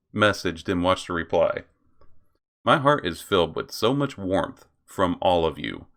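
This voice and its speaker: Deep-voiced man reacting with laughs. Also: a bit bright. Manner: laughs often, swears, stumbles over names. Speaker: commentary channel host. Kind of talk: reading and commenting on posts.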